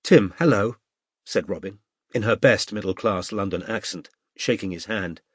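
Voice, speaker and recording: A man narrating a detective novel as an audiobook in a measured, steady storytelling manner. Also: low-pitched, husky, dry recording, clean studio sound. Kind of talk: scripted narration.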